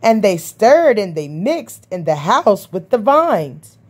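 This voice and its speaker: A woman's voice: big pitch swings, takes it slowly, slightly rough. A woman reading a rhyming picture book aloud in a sing-song rhythm. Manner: sing-song rhythm, jumping high for the creature calls. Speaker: storybook reader.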